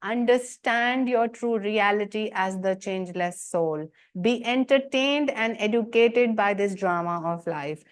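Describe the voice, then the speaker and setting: Woman w/ explaining scripture, earnest, keeps repeating things for emphasis. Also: medium pitch. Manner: earnest, rhetorical questions, emphatic repetition. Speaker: spiritual teacher. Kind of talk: scripture commentary talk.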